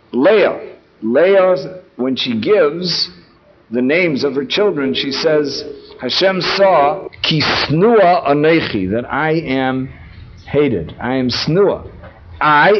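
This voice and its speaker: Man, text study teacher, explanatory, repeats phrases for emphasis, muffled lo-fi audio. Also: fairly high pitch. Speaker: Torah teacher. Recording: dull lo-fi recording.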